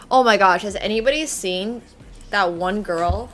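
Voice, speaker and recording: Woman streamer, casual chat with viewers, unhurried delivery, lots of "like", quick to laugh. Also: medium pitch, a bit bright, faint music behind. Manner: chatty, heavy use of "like", laughs easily. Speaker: chess streamer.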